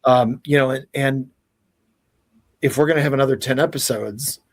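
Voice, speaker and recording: A man talking as a guest entertainment expert in casual podcast chat, animated, laughing often and swearing casually. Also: mid-range voice, normal speed.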